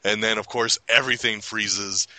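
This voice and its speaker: An excitable man chatting casually about movies, his voice bright and forceful. He laughs often and jumps up in pitch when he acts out quotes. The sound is dry and close. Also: normal speed, no echo, low-quality recording. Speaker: podcast host. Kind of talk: casual movie review chat.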